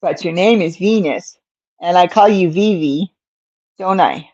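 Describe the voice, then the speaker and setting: A woman's voice: on the low side, a little slow, dark tone. A woman hosting a casual crochet livestream, cooing in baby talk to her cat between rambling asides, on a slightly dull recording. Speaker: crochet channel host.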